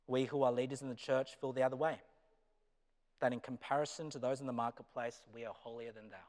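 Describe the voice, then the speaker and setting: A man with an Australian accent, a pastor who teaches business, preaching a sermon. His delivery swings between loud emphasis and quiet, low asides. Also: steady tone, fast. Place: chapel hall. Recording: reverberant chapel hall.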